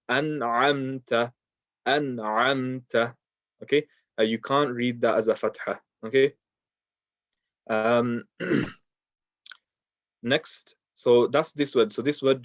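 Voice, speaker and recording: A man teaching a Quran pronunciation lesson, patiently explaining mistakes and repeating words slowly for practice. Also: medium pitch, dry recording. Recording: dull, dry lo-fi sound.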